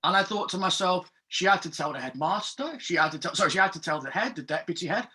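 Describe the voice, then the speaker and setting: A man's voice: high voice, lively intonation, quick pace, pushed and bright. A man in his thirties from Scotland, telling a personal story in a group discussion over a video call, earnest, repeating himself and apologizing. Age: 30s. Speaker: meetup participant.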